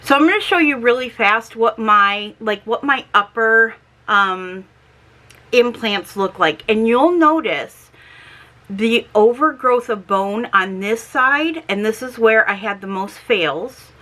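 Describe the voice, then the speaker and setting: A chatty middle-aged woman talks in a casual vlog, her voice bright and forward. She speaks slowly and carefully, and her S sounds come out slightly slurred and lisping from her dentures. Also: on the high side, lively intonation. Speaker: homestead vlogger.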